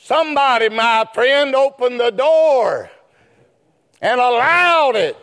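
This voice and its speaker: A man preaching a sermon, rising into chanted shouts. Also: very high-pitched, expressive, slow.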